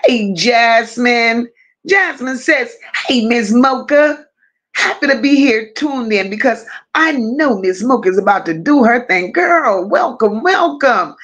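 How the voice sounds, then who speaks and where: A woman hosting a casual livestream, greeting her chat one by one with drawling, affectionate shout-outs. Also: a little high, lively intonation, slow pace. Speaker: livestream host.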